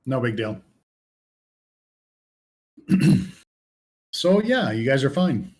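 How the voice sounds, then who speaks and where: A man running a tabletop game as game master, narrating scenes and calling for checks in a casual, halting way. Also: medium pitch, sing-song, a little mellow.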